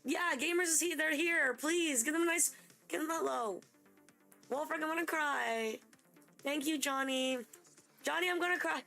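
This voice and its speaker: A young woman hosting a live game stream, chatting excitably and gushing thanks to her viewers. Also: high-pitched, moderate pace, soft background music. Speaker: livestream host. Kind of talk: casual live-stream chat.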